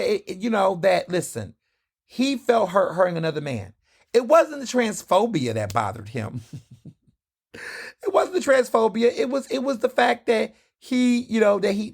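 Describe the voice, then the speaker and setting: A man hosting his own podcast, talking in an animated, gossipy way full of sassy asides. His voice sits a little high, with a gravelly edge. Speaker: podcast host. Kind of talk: casual solo podcast chat.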